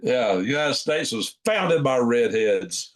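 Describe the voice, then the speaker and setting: A sleepy man, hosting a casual late-night livestream, chuckling and reading chat aloud in a folksy drawl. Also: medium pitch. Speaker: livestream host.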